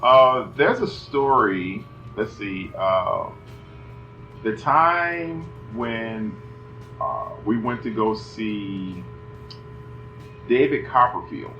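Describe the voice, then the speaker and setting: Man, middle-aged, casual anecdote, dull recording, soft music behind. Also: fairly low pitch, very slow. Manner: animated, acts out voices, many "you know" fillers. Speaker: son telling family stories. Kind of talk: casual family storytelling. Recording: roomy, slightly dull, faint music behind.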